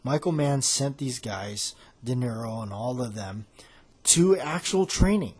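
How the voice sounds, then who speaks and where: A man's voice: medium pitch, animated, unhurried, a little mellow, slightly rough. A man hosting a podcast in casual chat, rambling as he retells film scenes. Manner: rambling, loosely acting out quoted lines. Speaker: podcast host.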